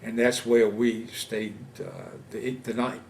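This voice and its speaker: Man in his 70s, from Louisiana, oral history interview, halting speech, faint background noise. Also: mid-range voice, flat delivery. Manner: halting, many pauses and fillers. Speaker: veteran interviewee. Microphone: interview camera setup.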